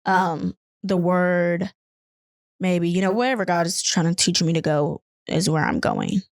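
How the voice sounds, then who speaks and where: A woman's voice: lowish voice, expressive, measured pace, gravelly. A young woman co-hosting a podcast from a couch, telling rambling stories in casual chat, laughing often and swearing freely. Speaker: podcast co-host. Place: on a couch at home.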